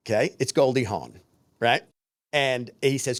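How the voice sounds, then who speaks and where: This podcast co-host has a mid-range male voice and talks a little fast, spinning stories in a casual chat and performing the voices of the people in them. The audio is dry and studio-clean.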